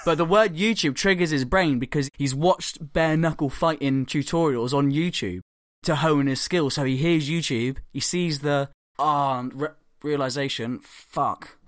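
A man's voice: fairly high pitch, moderate pace, few pauses, dry recording, studio quality. A young man hosting a podcast, animatedly telling a comic story full of swearing and acted-out quotes. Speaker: podcast host.

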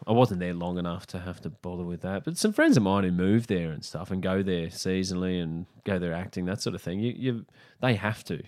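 A man's voice: low-pitched, lively intonation, brisk, hardly any pauses, darkish tone. A middle-aged Australian man in a laid-back, joking casual chat.

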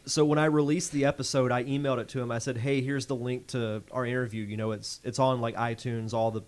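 A man's voice: medium pitch, little pitch movement, fast. Easygoing male podcast host. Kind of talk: casual podcast chat.

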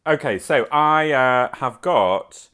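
A woman's voice: a bass voice, animated, slow, a bit bright, smooth, faint music behind. A woman co-hosting a chatty podcast, telling funny stories and laughing often. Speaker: podcast co-host. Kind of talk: casual chat.

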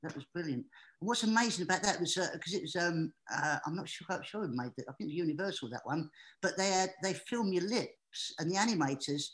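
A man with a high, squeaky, distinctive voice, telling anecdotes as an excitable, animated guest. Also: a little fast, poor audio. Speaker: guest entertainer. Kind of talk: anecdotal storytelling.

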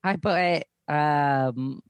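A woman's voice: deep voice, drawn-out words, clean tone, no room sound. A young woman co-hosting a podcast, chatty and self-deprecating, swearing casually as she talks. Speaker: podcast co-host. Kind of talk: casual chat.

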